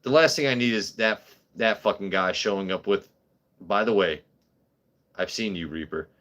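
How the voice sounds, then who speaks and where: A man's voice: lowish voice, moderate pace, fairly bright tone. A man hosting a livestream in casual, rambling chat, swearing freely as he talks. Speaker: livestream host.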